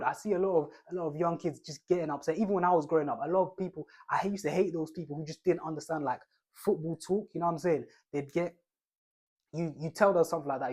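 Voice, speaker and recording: A man's voice: fairly high pitch, a little mellow, breathy edge. A young man giving casual football advice, rambling in slang and restarting his phrases often.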